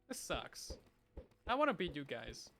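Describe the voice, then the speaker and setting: Animated young man chatting on a stream. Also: a little high, measured pace, gravelly, faint music behind. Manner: playful, animated, chatty with frequent laughs. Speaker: livestreamer. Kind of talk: casual livestream chat reading viewer messages.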